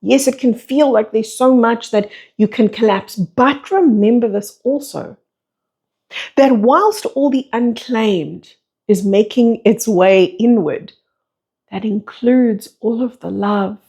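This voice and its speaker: This spiritual teacher and breathwork facilitator speaks slowly, her voice a little high, slightly mellow and husky. Her monologue flows along, returning again and again to rhetorical questions.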